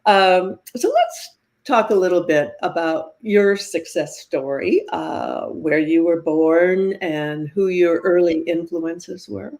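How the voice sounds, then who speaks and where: A woman's voice: lowish voice, expressive, slow pace, creaky, darkish tone. An older woman hosts a podcast interview in a bubbly, chatty way. She laughs often between her questions and keeps the guest talking. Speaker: podcast host.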